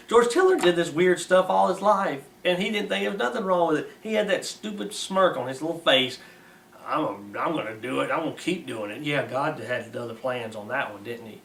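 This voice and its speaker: A man with a fairly high voice gives blunt, scornful moral commentary, reading from a text and mocking as he goes. His folksy grammar comes through plainly. The sound is roomy and distant from the mic, with a faint hiss behind it. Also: vocal fry, fairly bright tone. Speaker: preacher.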